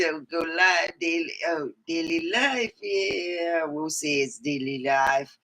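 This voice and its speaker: Woman livestreamer, middle-aged, slow and rambling, bright forceful tone, lowish voice. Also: rough recording. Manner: rambling and animated, with sudden high whoops. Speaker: livestreamer and comedy chat host. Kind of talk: casual rambling livestream chat.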